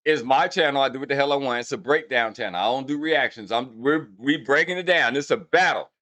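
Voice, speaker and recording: Talking a little fast in a bright, forceful, mid-range voice, a hip hop breakdown host speaks brashly and casually straight to his audience. He counts out beats aloud to show how the rhythm works.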